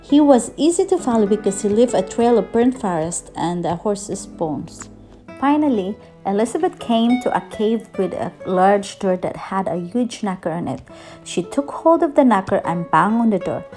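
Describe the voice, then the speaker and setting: A woman reading a children's picture book aloud in an expressive, lively storybook manner. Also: on the high side, moderate pace, soft background music.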